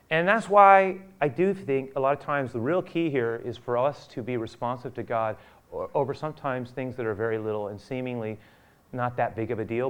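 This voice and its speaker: A man preaching a sermon, acting out scripture quotes and swinging from loud urgent peaks down to a hushed near-whisper. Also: mid-range voice. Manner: acts out quotes of biblical figures. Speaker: pastor.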